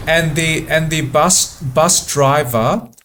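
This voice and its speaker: A man giving relaxed gameplay commentary, thinking aloud in a halting way and repeating words often. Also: on the high side, a little hiss or hum. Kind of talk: relaxed let's-play commentary.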